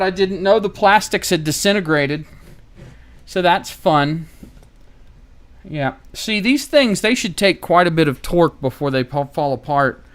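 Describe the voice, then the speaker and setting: An American man doing casual live-stream commentary while taking apart a laptop, wry and a bit profane, thinking aloud as he works. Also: a little high. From United States. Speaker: tech repair streamer.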